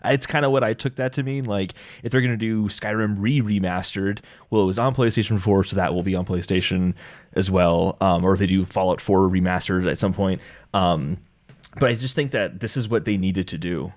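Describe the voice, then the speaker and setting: A man on a gaming podcast giving his opinion in a measured, thoughtful way with occasional ums. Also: low voice, fairly even intonation, a little mellow. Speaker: podcast co-host. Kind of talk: casual gaming podcast chat.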